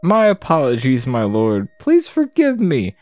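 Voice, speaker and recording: A woman's voice: rumbling low, huge pitch swings, unhurried, a little mellow, dry recording, faint music behind, full character voice. A woman voicing a fawning male rat servant, reading game dialogue aloud in a groveling, eager-to-please way.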